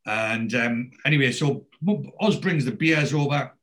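A man's voice: mid-range voice, unhurried, fairly bright tone. A man hosting a casual podcast, retelling television scenes in a chatty storytelling way. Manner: chatty storyteller who acts out quoted lines. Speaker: podcast host recapping a TV series.

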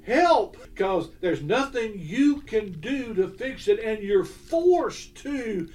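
A man's voice: sits high, lively intonation, takes it slowly, darkish tone, recorded from a distance. An older man telling an emotional personal story as an interview guest, earnest, restarting his words and checking in with "okay?". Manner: earnest, emotional, repeats himself, asks listener "okay?".

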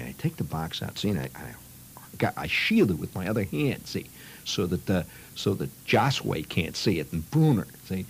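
A man's voice: deep voice, big pitch swings, normal speed, creaky, slight background noise, low-quality recording. A man telling a childhood story in a rambling, conversational way, peppered with "you know" and "see".

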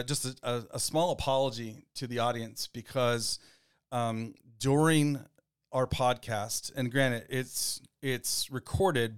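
A man co-hosting a podcast in casual chat, rambling and relaxed with plenty of fillers. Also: mid-range voice, clean tone. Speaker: podcast co-host.

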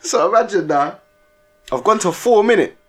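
With soft music in the background, a young man co-hosts a laid-back podcast, telling stories full of slang, laughing often and capping lines with "innit." His voice is high-pitched, animated and fairly bright, at a moderate pace.

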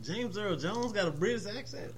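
Chill guy on a podcast, laughing a lot, lively pitch, bit of faint hiss behind him. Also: moderate pace. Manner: laid-back, laughing, profane. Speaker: podcast co-host. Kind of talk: casual chat.

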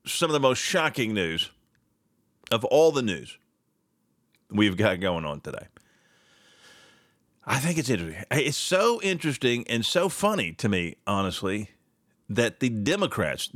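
A man's voice: on the low side, normal speed, dry recording. Sarcastic talk show host man, dry sound. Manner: sarcastic, animated, mocking. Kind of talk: political talk show monologue.

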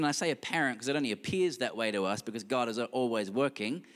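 A man delivers a sermon in a church hall with a high, bright voice, talking to the congregation in a loose, conversational way with humorous asides. His voice carries a long reverb from the large room. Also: fairly quick, few pauses. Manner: conversational preaching with asides and laughter. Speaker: pastor.

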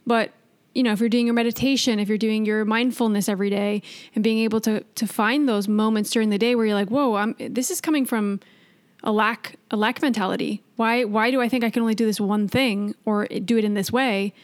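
A woman's voice: fairly high pitch, steady tone, a little fast, clean tone. A woman co-hosting a podcast in casual chat, explaining her views earnestly with plenty of fillers. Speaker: podcast co-host.

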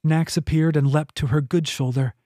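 A man reading his own fantasy novel aloud in steady, measured audiobook narration. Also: a little high, no room sound, clean studio sound.

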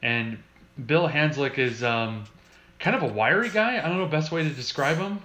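A man's voice: on the high side, animated, moderate pace, bright, forceful tone, slight background noise. A man hosting a casual sports chat, reading out player stats and chuckling often. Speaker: podcast host. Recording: roomy, dull lo-fi sound.

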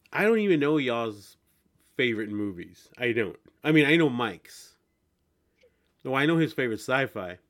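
A man's voice: mid-range voice, a bit bright. A man hosting a podcast in a loose, casual chat, talking through a sick voice and swearing casually. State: sick, congested voice. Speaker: podcast host.

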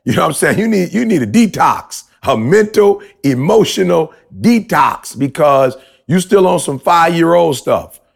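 Gravelly, laid-back man co-hosting a podcast. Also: a little high, animated, normal speed, few pauses. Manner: laid-back, preachy, laughs often. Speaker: podcast co-host. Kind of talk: casual chat.

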